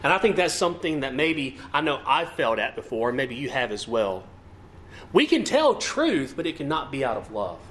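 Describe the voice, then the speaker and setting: A man's voice: medium pitch, very animated, moderate pace, a bit bright. A man preaching a sermon with emphasis and rhetorical questions. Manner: emphatic, rising and falling delivery with rhetorical questions.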